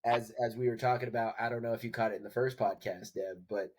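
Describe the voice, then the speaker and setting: A man's voice: on the low side, steady tone, fast talker. A man co-hosting a podcast, talking in a loose, rambling way with many restarts. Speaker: podcast co-host. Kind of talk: casual chat.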